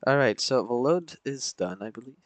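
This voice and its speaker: Reading back radio calls while playing pilot in a flight simulator stream, this man chats easily with viewers and fills his answers to chat with fillers. His voice sits at medium pitch and normal speed, recorded dry.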